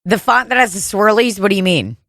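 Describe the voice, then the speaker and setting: A woman's voice: medium pitch, expressive, a little fast, gravelly, fairly bright tone, dry recording, clean studio sound. A woman co-hosting a comedy podcast, rambling crudely and laughing often. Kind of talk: casual comedic chat. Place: home room podcast setup.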